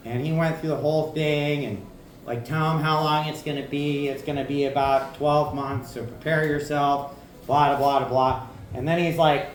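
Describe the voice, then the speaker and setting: A man's voice: on the high side, steady tone, normal speed, slight background noise. A man doing a stand-up set in a comedy club, talking casually and profanely, often asking "right?". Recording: echoey club room.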